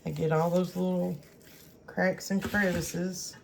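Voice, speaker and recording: A woman walks through a home recipe in an easy, explanatory way. Her delivery is unhurried and level, with little rise and fall. A soft hiss runs faintly behind her. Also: on the low side, level tone, gravelly. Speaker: cooking channel host. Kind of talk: casual cooking demonstration.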